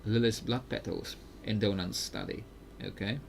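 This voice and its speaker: A man's voice: on the low side, fairly even intonation, normal speed, creaky, a little hiss or hum. A young man with a non-native English accent, a little unwell, giving casual rambling commentary while he plays, full of fillers and jokes. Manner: rambling, jokey, heavy on fillers. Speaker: game streamer.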